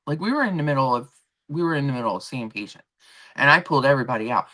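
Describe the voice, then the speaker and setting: A woman hosting a livestream, chatting casually and telling an animated story from work, acting out the people in it. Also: rumbling low, very fast. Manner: animated storytelling with quoted voices; rambling with restarts and asides to chat. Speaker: livestream host. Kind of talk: casual chat. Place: home.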